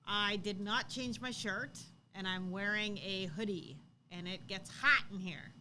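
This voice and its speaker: A woman's voice: medium pitch, a little slow, pushed and bright, slight background noise. A woman co-hosting a live stream in casual chat, chatty and playful.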